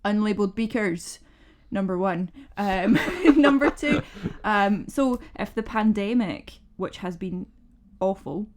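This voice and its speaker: A woman, a scientist co-hosting a film review podcast, talking in a casual, wry and lively way. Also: mid-range voice, slow pace, few pauses. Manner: animated, wry, swears for effect.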